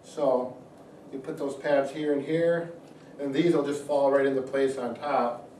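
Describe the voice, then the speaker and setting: A man's voice: mid-range voice, fairly even intonation, unhurried, warm tone, a little hiss or hum. A man, a physical therapist, gives a casual product demonstration and explains things step by step with frequent fillers. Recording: echoey room, mic at a distance.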